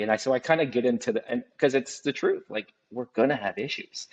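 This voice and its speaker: A man's voice: mid-range voice, brisk, few pauses, lo-fi sound. A man who runs a custom home building business, speaking reflectively in casual conversation and often restarting his sentences. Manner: reflective, restarts often, acts out clients' voices.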